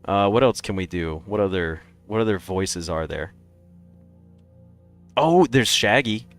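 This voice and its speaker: Low-voiced chatty male streamer. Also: lively intonation, measured pace, soft background music. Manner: chatty, opinionated, rambling. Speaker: game streamer. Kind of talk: casual live-stream chat.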